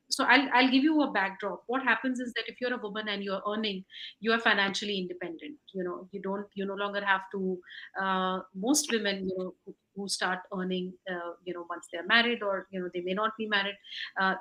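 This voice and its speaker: A woman with an Indian English accent moderates a webinar panel at a mid pitch. She rambles through long questions, full of fillers and restarts. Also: bright, forceful tone, low-quality recording.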